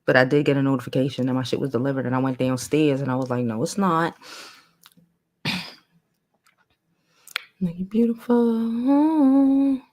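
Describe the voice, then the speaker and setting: A woman with a hoarse, fading voice, hosting a casual livestream chat in a playful, rambling way. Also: very deep voice, fairly even intonation, quick pace. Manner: playful, chatty, trailing off and restarting. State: hoarse, losing her voice. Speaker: livestream host.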